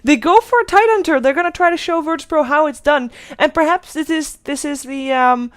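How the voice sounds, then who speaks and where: A woman's voice: high voice, fairly quick. A woman casting a live esports match as play-by-play commentator, chatty and thinking aloud. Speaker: esports caster.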